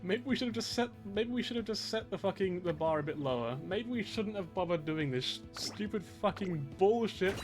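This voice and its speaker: A man's voice: high voice, animated, brisk, hardly any pauses. Foul-mouthed exasperated male streamer. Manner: swears a lot, loud exasperated outbursts. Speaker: game streamer. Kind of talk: casual live-stream commentary. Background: game music.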